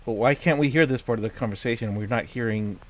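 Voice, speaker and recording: A man's voice: medium pitch, fast, very noisy. A man giving casual reaction commentary on a film. He sounds puzzled and exasperated, asks question after question, and often trails off and restarts his sentences.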